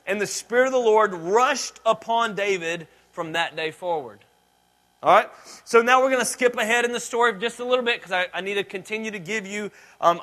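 A man preaching a sermon, his voice sitting high and ringing bright. He retells scripture in a casual, joking way, slipping into quoted lines along the way. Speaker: pastor.

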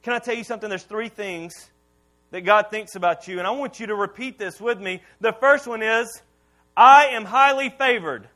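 A man in his thirties preaching a sermon as pastor to a church congregation, casual and animated, leading the room in call-and-response. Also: high voice, fairly quick. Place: church auditorium before a congregation.

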